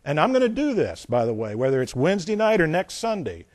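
A man's voice: fairly high pitch, wildly swooping pitch, fast talker, no room sound. Man preaching a sermon in a dry room. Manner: reads scripture aloud, then explains it with folksy asides; dramatic swings between loud emphasis and quiet asides. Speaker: pastor.

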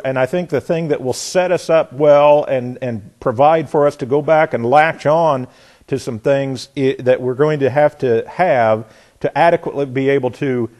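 A man's voice: mid-range voice, a little mellow. A man teaching a bible class in a conversational way, trailing off and restarting his sentences with frequent asides.

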